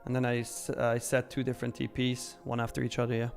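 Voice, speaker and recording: A man's voice: medium pitch, completely flat delivery, quick pace, gravelly, soft background music. A young man hosting a live trading stream, chatting casually and upbeat as he reads viewer comments, laughing often and using slang.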